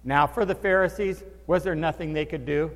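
A male pastor preaching with lively storytelling, his voice sitting a little high for a man. He acts out the characters he quotes. The sound carries a long hall reverb. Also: normal speed. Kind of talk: sermon.

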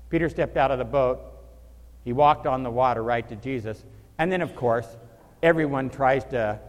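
A male pastor delivering a sermon, addressing the congregation with animated rhetorical questions. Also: medium pitch, in a large hall.

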